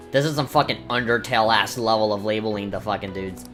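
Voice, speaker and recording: A woman's voice: a bass voice, a little fast, hardly any pauses, fairly bright tone. A woman commentating a video game in a crude, sarcastic, jokey way, with game music behind. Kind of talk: let's play commentary.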